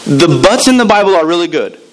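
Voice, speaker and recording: A man's voice: high voice, lively intonation, fast talker, low-quality recording. A man preaching a sermon as pastor, emphatic and repeating key words, acting out the voices he quotes.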